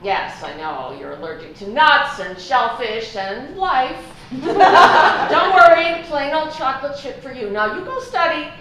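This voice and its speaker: A woman's voice: sits high, animated, measured pace, a crowd in the background. A woman playing a motherly woman who teases and bosses a young student. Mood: teasing. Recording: echoey room, noisy.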